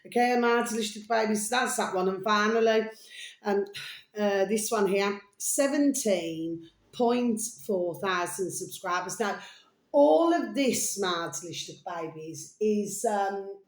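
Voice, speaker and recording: A woman's voice: medium pitch, expressive, slow, reverberant. A woman hosting a chatty, rambling vlog, calling her viewers "babies" and drifting between topics. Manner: rambling, affectionate, calls viewers "babies", hums and sings snatches. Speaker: video host.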